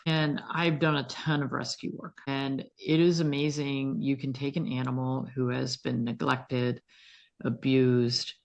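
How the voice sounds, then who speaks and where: A woman veterinarian, a guest in an interview, telling stories in an animated, vivid way. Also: very deep voice, vocal fry, muffled recording. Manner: animated, vivid storyteller who acts out quotes. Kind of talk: conversational interview storytelling.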